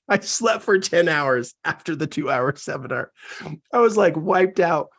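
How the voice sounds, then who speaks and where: A man giving an emphatic, repetitive motivational talk as a business coach, animated and preaching. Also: on the high side, takes it slowly. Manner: animated, acts out quoted voices.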